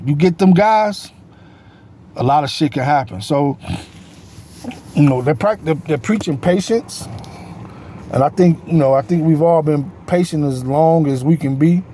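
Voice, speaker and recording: A man's voice: fairly high pitch, animated, normal speed, pauses often, dark tone, a little hiss or hum. A man giving casual solo sports talk as a host, rambling and correcting himself with many fillers.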